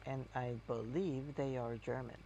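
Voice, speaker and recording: A man's voice: mid-range voice, fairly even intonation, a little slow, warm tone, lo-fi sound, slight background noise. A man chatting casually while playing a game. He rambles and hesitates, with many fillers. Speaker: game streamer.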